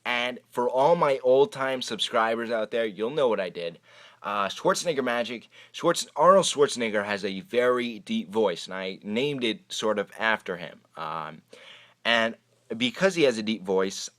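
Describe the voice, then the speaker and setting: Recorded on a camera mic, this YouTube magic host is a young man fielding viewer questions in a relaxed vlog. He talks at a moderate pace with an expressive, medium-pitched, fairly bright voice, wandering off and restarting hesitantly again and again.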